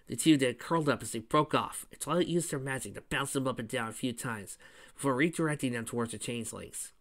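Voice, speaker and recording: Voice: medium pitch, quick pace, fairly bright tone. A fan reader narrating a fan story and adding chatty asides. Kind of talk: reading fan fiction with commentary.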